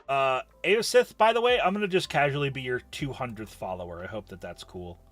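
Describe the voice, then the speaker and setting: A man's voice: medium pitch, sing-song, fast talker, few pauses, fairly bright tone, faint music behind. A man chatting on a live stream, emphatic and profane, ranting and reading chat messages aloud.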